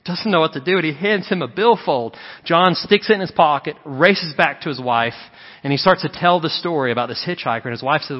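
A man pastor preaching a sermon in a church, telling stories in an animated way and acting out the quotes. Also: a little high, a little fast. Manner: animated storytelling with acted quotes. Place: church sanctuary. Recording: muffled sound with long hall reverb.

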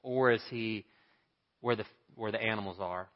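A man's voice: on the low side, moderate pace. A man preaching a sermon in a church, telling a story earnestly and then leading a prayer. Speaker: pastor. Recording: reverberant hall, dull lo-fi sound.

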